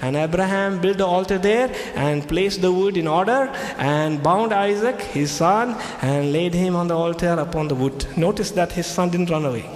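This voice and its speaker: A man's voice: high voice, normal speed, few pauses, a little hiss or hum. A man giving a lecture as a Christian speaker, retelling scripture, repeating his key phrases and speaking English with non-native phrasing. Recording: echoey hall with faint ambience.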